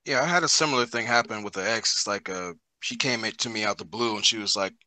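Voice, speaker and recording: A man with a lowish voice and a very bright, forceful edge, talking bluntly and casually with plenty of profanity. His sound is dry and close-miked. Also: fast talker, no room sound. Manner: blunt, profane, laid-back. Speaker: panel guest. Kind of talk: casual live panel chat.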